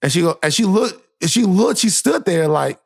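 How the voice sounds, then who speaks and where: Animated storytelling man, dry close sound. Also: high-pitched, moderate pace, vocal fry, breathy edge, dry recording. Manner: animated storyteller, acts out quotes. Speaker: podcast co-host. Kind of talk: casual chat, storytelling.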